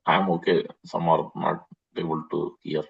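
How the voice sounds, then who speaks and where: A listener speaks politely and quickly, his voice very low, husky and gravelly. He joins over a remote call, and the line sounds dull and lo-fi. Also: level tone.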